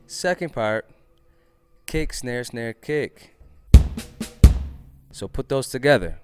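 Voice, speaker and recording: Slow-talking relaxed male drum teacher. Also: mid-range voice, over loud music. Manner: relaxed, chatty, counting rhythms aloud. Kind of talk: casual drum lesson.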